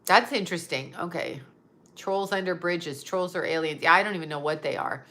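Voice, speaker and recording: A woman's voice: fairly low pitch, moderate pace, bright, forceful tone. A woman who works as a psychic medium, chatting casually on a livestream, reading viewer comments aloud and answering them in a blunt, profane, rambling way.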